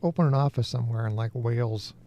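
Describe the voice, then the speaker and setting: Gravelly guy chatting over his game stream, laughs a lot, noisy audio. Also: medium pitch, fast talker. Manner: laid-back, laughs often, calls out game moves. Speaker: streamer playing an online game. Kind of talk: casual gameplay chat.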